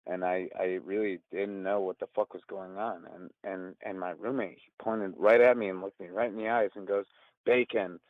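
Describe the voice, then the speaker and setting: A man's voice: fairly low pitch, no echo. Rambling man on a tinny phone line. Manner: rambling, laughing, swearing. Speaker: caller. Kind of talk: casual storytelling.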